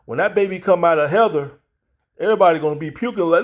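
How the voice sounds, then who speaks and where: A man's voice: sits high, quick pace. A man talking in a casual commentary vlog, blunt and rambling, repeating himself and laughing at his own jokes.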